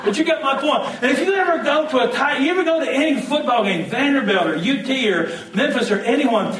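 Animated preacher in an echoey hall. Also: male voice, very high-pitched, fairly quick. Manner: animated, joking, call-and-response with congregation. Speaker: pastor. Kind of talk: sermon. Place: church hall. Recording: echoey hall, mic at a distance.

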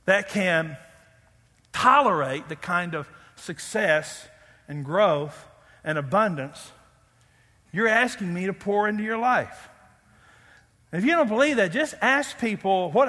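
A man preaching a sermon as pastor, animated, acting out loud pleading prayers and making joking asides. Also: high voice, long reverb tail.

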